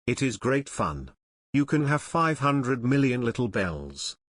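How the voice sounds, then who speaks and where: A man reading the lines of a gentle small boy prince from another star, in a calm, plainly worded way. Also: mid-range voice, measured pace, no echo. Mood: quiet.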